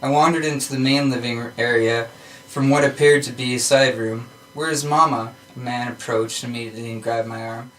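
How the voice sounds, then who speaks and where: A man reads a short story aloud for a podcast. His voice sits in a middle pitch, and his delivery is steady and plain, with small restarts and fillers. He sounds a little distant from the microphone. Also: fairly quick, a little hiss or hum.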